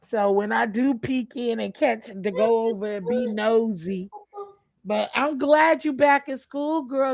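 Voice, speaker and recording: A woman chatting casually to her viewers on a livestream, loud and playful, laughing often and trash-talking. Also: fairly high pitch, lively intonation, unhurried, gravelly, dry recording. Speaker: channel host. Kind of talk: casual live chat.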